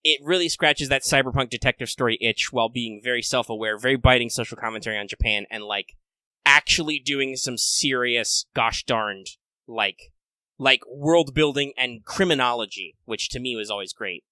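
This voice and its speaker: Casual co-host: a man with a bright, dry-mic voice, animated and profane. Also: mid-range voice, no echo. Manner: animated, swearing, quick impressions. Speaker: podcast co-host. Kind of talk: casual chat.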